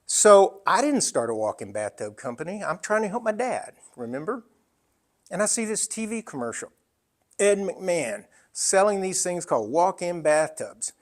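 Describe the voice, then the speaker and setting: An older man speaks in a somewhat high-pitched voice. He tells stories and makes his business points in a lively, conversational way. His talk is full of asides and quick restarts. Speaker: entrepreneur giving a talk.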